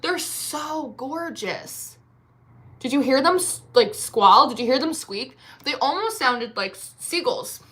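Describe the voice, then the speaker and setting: Woman, tarot reader, casual reading to camera, bright tone, rambling, filler words. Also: high voice, expressive, normal speed, hardly any pauses. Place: at home.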